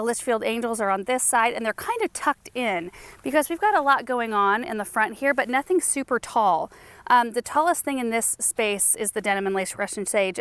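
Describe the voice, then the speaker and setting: A young adult woman hosting a casual garden tour vlog outdoors, chatty and enthusiastic, thinking out loud as she goes. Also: on the high side, smooth, no echo. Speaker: gardening channel host.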